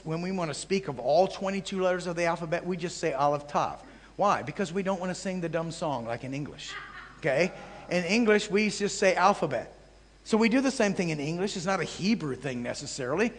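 A man's voice: on the high side, in a large hall. A man giving a conversational Bible teaching to an audience, with restarts and asides. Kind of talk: sermon teaching. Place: large hall before an audience.

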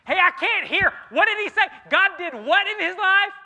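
A man voicing a flustered woman at the back of a church who can't hear and keeps asking shrill, frantic questions. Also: animated, moderate pace, bright, forceful tone, heavily acted. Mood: confused.

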